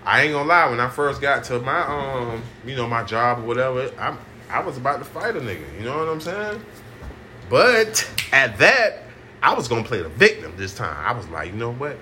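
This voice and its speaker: A young man, the host, talking in a loose, animated casual chat full of slang. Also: medium pitch, normal speed, a little hiss or hum. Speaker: podcast host.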